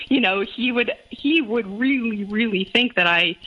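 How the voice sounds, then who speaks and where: A woman's voice: fairly high pitch, measured pace, highs cut off. A young adult woman recounting her own experience in a casual, hesitant way, full of fillers and restarts. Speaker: guest. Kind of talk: casual personal account.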